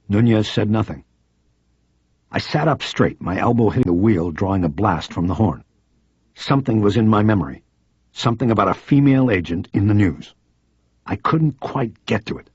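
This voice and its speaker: Deep husky man narrating a crime novel. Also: animated, normal speed, a little mellow, no room sound. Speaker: audiobook narrator. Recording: dry, slightly dull audiobook recording.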